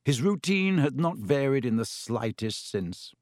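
A man reads a fantasy story aloud in an even, measured narrating voice. His pitch sits in the middle range, and the recording is dry and close with no room sound at all. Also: dry recording. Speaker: audiobook narrator.

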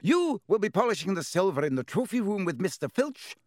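A man voicing a strict older female professor who speaks in crisp, clipped commands. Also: sits high, big pitch swings, brisk, dry recording, clean studio sound, pitched above the performer's own voice. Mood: stern.

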